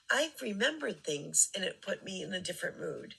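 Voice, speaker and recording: A woman commentator speaks in a low, unhurried voice with a gravelly, husky texture. Her tone is sarcastic and critical as she remarks on clips, pausing often with fillers. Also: big pitch swings, sharp tone, rough recording. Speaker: commentary channel host.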